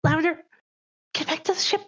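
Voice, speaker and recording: A man voicing a nervous adventurer in a high squeaky voice. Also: steady tone, a little fast, fairly bright tone, highs cut off. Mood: urgent.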